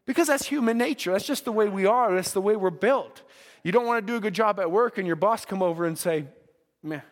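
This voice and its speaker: A man's voice: high-pitched, fast, long reverb tail. A man preaching a sermon to young people, earnest, often repeating words as he builds a point. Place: church.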